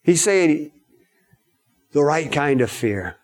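A man preaching a sermon in a storytelling way, acting out the lines of the people in his story with sudden high shouts. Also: animated, slow pace.

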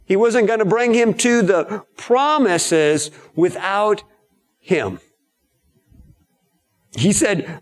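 A man preaching a sermon in a storytelling way, acting out the lines of the people in his story with sudden high shouts. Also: animated, extremely slow, pauses often.

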